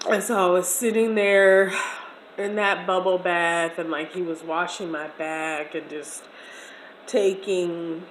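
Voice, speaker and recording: A woman in her forties telling a personal story in a chatty, slangy, expressive way during a casual meal video. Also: fairly low pitch, slow pace, a little hiss or hum. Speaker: vlogger. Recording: echoey room.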